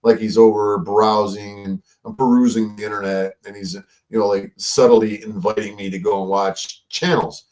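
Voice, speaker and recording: A man's voice: lowish voice, fairly even intonation, normal speed, few pauses, darkish tone, far from the mic. A man hosting a casual livestream, rambling and swearing, with lots of fillers and restarts. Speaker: livestream host.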